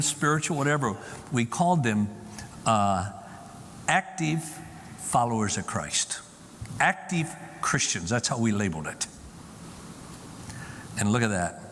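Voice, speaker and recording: A man's voice: mid-range voice, a bit bright, long reverb tail, slight background noise. A man giving an emphatic public talk from a stage to a live audience, often repeating key lines for effect. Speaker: Christian speaker.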